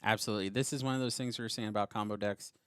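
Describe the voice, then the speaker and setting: A man's voice: fairly low pitch, fairly even intonation, racing, a bit bright, clear, resonant tone, no room sound. A man giving analytical commentary on a card game match, explaining plays step by step.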